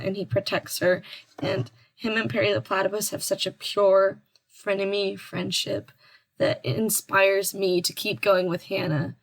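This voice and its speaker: A woman's voice: medium pitch, vocal fry, rough recording. A young woman co-hosting a podcast, teasing her friend in a dry, casual chat. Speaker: podcast co-host.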